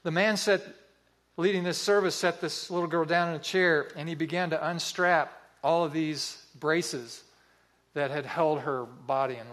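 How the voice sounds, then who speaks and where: A man preaching a sermon, telling a story in an earnest, vivid way with pauses. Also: fairly high pitch, fairly bright tone.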